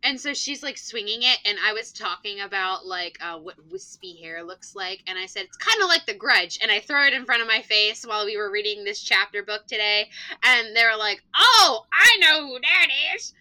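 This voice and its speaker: A young woman, a teacher, telling a classroom story in animated casual chat, swearing freely and acting out the voices. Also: mid-range voice, fairly quick, low-quality recording. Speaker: elementary school teacher and podcast player.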